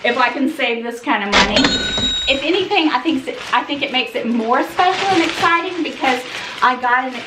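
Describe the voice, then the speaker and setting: A woman's voice: sits high, animated, normal speed, echoey room, heavy background noise. A woman vlogger unboxing a gift, breathless and gushing, laughing and sighing between thrilled remarks. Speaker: fashion vlogger. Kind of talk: excited unboxing vlog.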